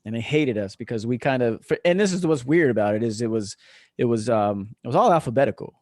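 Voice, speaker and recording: A retired veteran joins a podcast by remote call and tells stories quickly and casually, his medium-pitched, slightly mellow voice full of lively intonation. He swears freely and keeps chuckling, and the recording is dry and studio-clean.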